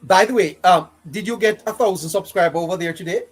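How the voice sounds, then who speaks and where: A man hosting a live stream, upbeat and quick to laugh in casual chat. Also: sits high, slightly rough. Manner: lively, laughs often, upbeat.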